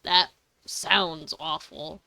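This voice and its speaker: Young woman, game streamer, casual chat, giggly, swears a lot, bright crisp voice, slow easy pace. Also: low voice, steady tone, no echo. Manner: rambling, self-correcting.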